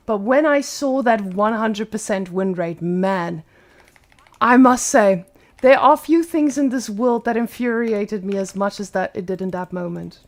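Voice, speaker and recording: A woman giving live gameplay commentary as a streamer, animated and blunt, cursing freely. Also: medium pitch, a little slow. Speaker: streamer playing a strategy game.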